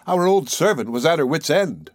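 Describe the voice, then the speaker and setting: A man reading a classic novel aloud in a measured, expressive way. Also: a little high, dry recording, clean studio sound. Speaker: audiobook narrator. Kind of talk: scripted narration of a classic novel.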